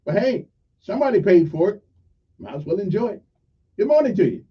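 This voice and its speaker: Rambling older radio host. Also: male voice, sits high, sing-song, fairly quick, husky, distant mic. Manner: rambling, joking, trailing off with fillers. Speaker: radio talk show host. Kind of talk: casual morning radio chat. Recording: muffled audio from off mic.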